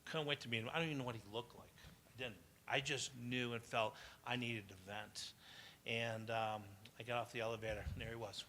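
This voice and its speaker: Bright, chatty man giving a talk. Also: mid-range voice, fairly even intonation, fairly quick, slight background noise. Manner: chatty, anecdotal, laughs often, asks the audience. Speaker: speaker at a business conference. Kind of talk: motivational talk to entrepreneurs. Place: live event venue.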